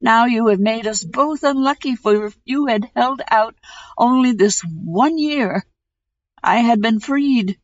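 A woman's voice: on the high side, takes it slowly, voice pushed up. A woman voicing an enchanted young prince who is a bear by day, speaking with urgent reproach in a fairy-tale reading. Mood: reproachful. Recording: dull lo-fi recording.

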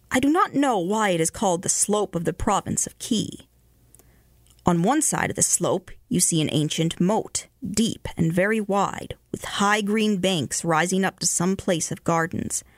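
A woman radio host reading ghost stories aloud in a measured way, slowing and hushing for the eerie parts. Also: medium pitch, dry recording, studio quality. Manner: measured, slows and hushes for eerie moments.

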